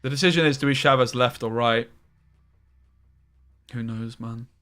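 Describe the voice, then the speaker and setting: A man streaming a card game live, chatting casually with viewers and breaking into loud exclamations. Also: medium pitch, normal speed. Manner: chatty, talks to chat, bursts into loud exclamations.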